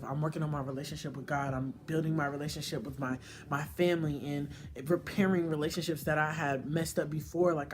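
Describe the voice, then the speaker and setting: A man's voice: fairly high pitch, noisy background. Earnest young man, heartfelt vlog talk. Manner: earnest, heartfelt, swears freely. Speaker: YouTuber. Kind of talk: emotional personal vlog monologue.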